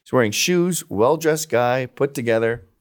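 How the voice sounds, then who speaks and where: A man's voice: mid-range voice, normal speed. A man guesting on a podcast, telling mocking, profane stories in a casual chat. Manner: animated, mocking storyteller with profanity.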